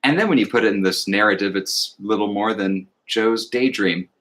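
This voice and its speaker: A man with a fairly low voice talks through an album with a co-host. He is reflective and thoughtful, and he slows into a measured cadence when he recites lyrics. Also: a bit bright. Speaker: podcast co-host. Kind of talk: casual music discussion.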